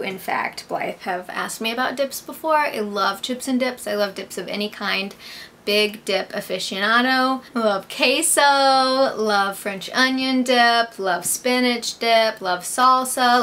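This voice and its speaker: On her own vlog, a young actress from the United States answers questions from viewers in a bright, pushed, mid-range voice. Her casual chat is cheerful and peppered with "like" and "I believe."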